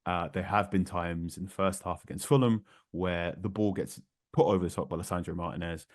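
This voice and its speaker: A man, a football journalist guest talking through tactics on a podcast, animated and prone to repeating words for emphasis. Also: low voice, a little fast, no room sound, clean studio sound. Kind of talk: conversational podcast analysis.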